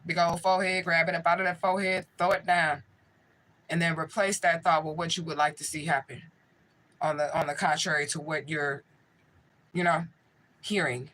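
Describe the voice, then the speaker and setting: A woman's voice: low-pitched, fairly even intonation, normal speed, fairly bright tone, low-quality recording. A woman working as a spiritual medium, hosting a casual livestream and answering viewers' chat in a blunt, profane way.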